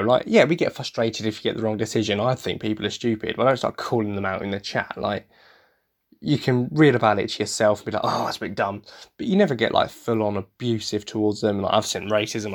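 A man's voice: on the low side, steady tone, brisk. A young man from the UK, a podcast host, tired and talking in a casual, rambling, frank way, swearing freely and laughing often. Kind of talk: casual solo chat.

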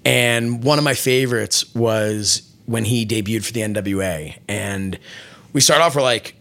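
Gravelly, bright-voiced man telling stories. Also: fairly low pitch, a little slow. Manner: rambling, many restarts and fillers, animated retelling. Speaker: wrestling interviewer and programming director. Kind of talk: casual interview storytelling.

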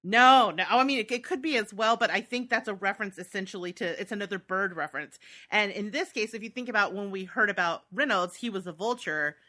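A woman's voice: medium pitch, brisk, sharp tone. A woman co-hosting a podcast, chatting casually and enthusiastically about a book she loves. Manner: enthusiastic, reads passages aloud. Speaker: podcast co-host.

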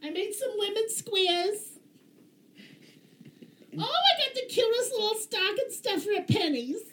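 A woman putting on a chirpy, fussy middle-aged homemaker in a high, sing-song mocking voice. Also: very animated, unhurried, a bit bright, a little hiss or hum, heavily acted. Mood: mocking sweet. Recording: roomy echo.

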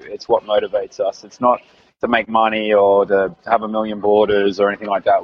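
An Australian man, around his thirties, chatting casually as an interview guest, rambling with lots of fillers and restarts. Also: fairly low pitch. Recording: dull lo-fi recording.

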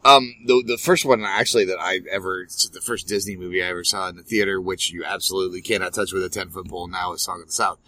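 A man's voice: deep voice, steady tone, fast, hardly any pauses, sharp tone. A man in his forties co-hosting a podcast, talking in a playful, rambling way with plenty of fillers. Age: 40s. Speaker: podcast co-host. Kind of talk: casual chat.

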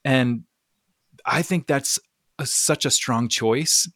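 A man's voice: medium pitch, takes it slowly, a bit bright, no room sound. Host, man, enthusiastic, dry close sound. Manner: enthusiastic, laughs easily. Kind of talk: casual podcast chat.

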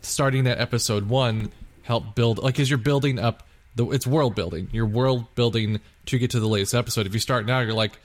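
A man's voice: medium pitch, fairly quick. A man co-hosting a podcast, chatting casually and rambling with lots of filler words and teasing jokes. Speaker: podcast co-host. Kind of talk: casual chat.

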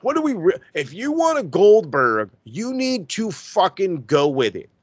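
A man's voice: high voice, wildly swooping pitch, a little slow, slightly rough, no echo. A man hosting a casual wrestling podcast, ranting in a fired-up way and swearing constantly. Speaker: podcast host.

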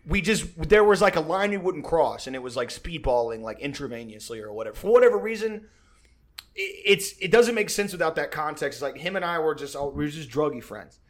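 A man's voice: fairly high pitch, expressive, a little fast. Man telling a rambling, profane story. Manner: rambling and profane, acts out quotes. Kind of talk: casual storytelling chat.

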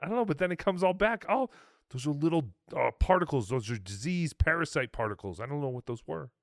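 A man's voice: a little high, expressive, brisk, dry recording. A man hosting a show, giving casual, dry and sarcastic commentary over a clip. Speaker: show host.

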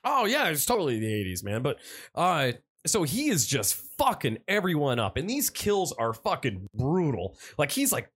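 A man co-hosting a casual chat, recapping a film in a profane, rambling, animated way. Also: a little high, normal speed, slightly rough. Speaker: podcast co-host.

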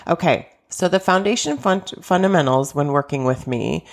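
A woman with a strikingly deep voice hosts a self-help coaching podcast. Her voice sounds stuffy and congested, and her talk is chatty and upbeat, with small restarts. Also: lively intonation, normal speed, gravelly.

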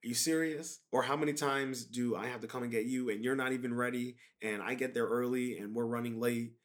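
Laid-back male podcast host, casual rambling solo talk, medium pitch. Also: steady tone, fairly quick. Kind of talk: casual monologue.

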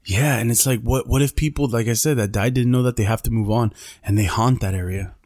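Podcast co-host, man, mid pitch, easygoing storyteller full of bro and dude, dry close sound. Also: fairly quick, a little mellow, dry recording. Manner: laid-back, swears freely, says bro and dude. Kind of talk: casual storytelling chat.

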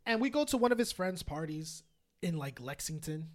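A young man co-hosting a casual podcast, telling stories with lively acted quotes. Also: fairly high pitch, normal speed. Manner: animated storyteller, bursts of laughter and acted quotes. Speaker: podcast co-host. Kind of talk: casual chat.

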